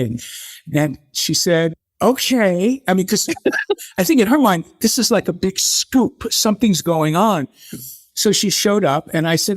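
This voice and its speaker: Older male guest, slightly high voice, dry close sound, spins animated anecdotes. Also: measured pace, dry recording. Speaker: interview guest, TV creator. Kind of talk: conversational interview storytelling.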